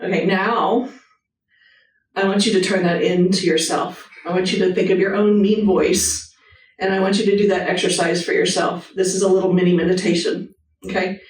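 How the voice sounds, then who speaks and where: A woman surgeon gives an earnest, personal motivational talk to a live audience in a hospital hall, including a short guided meditation. Her lowish voice is flat and moderately paced, and she sounds far from the mic in the echoey hall.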